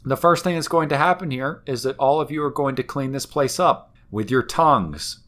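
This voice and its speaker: A man's voice: medium pitch, moderate pace, fairly bright tone, pitched above the performer's own voice, lightly acted. A man putting on the voice of a furious, bossy evil male wizard who rules over monsters. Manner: menacing, sarcastic and bossy.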